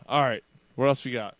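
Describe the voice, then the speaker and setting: A man co-hosting a podcast, telling a story in casual banter, swearing a lot, laughing and acting out what people said. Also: medium pitch. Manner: profane, laughing, acts out quotes. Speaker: podcast co-host.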